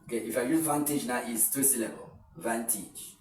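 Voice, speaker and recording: A man with a Nigerian English accent teaching pronunciation in an online lesson. He explains slowly and repeats words, drawing them out. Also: mid-range voice, fairly even intonation, a little mellow. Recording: echoey room, voice a bit far from the mic.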